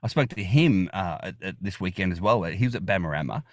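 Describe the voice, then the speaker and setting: A man's voice: low-pitched, expressive, fast talker, no room sound, clean studio sound. A man with an Australian accent, a podcast guest chatting enthusiastically, rambling with restarts and fillers. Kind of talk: casual interview chat.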